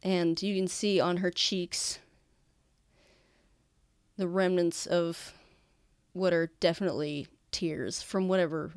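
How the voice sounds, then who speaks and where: A woman game master narrating a tabletop game and describing each scene with frequent fillers. Her voice sits on the low side and sounds dry and close. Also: fairly even intonation, takes it slowly, long pauses, clean tone, no room sound.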